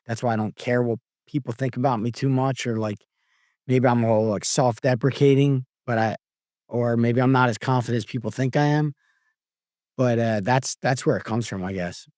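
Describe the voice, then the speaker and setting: Philly man in his 40s, podcast guest, humble and rambling, mid pitch, dry close mic. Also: fairly even intonation, normal speed, a little mellow, no echo. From Philadelphia. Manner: reflective, humble, with frequent "like" and "dude" and restarts. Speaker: guest, former pro fighter. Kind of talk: candid podcast conversation.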